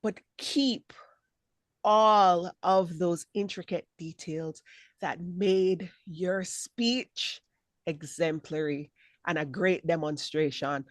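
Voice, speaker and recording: A woman giving spoken feedback as a speech evaluator on a video call, encouraging and lively, acting out examples as she talks. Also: on the low side, takes it slowly, no room sound. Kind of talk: spoken feedback at an online meeting.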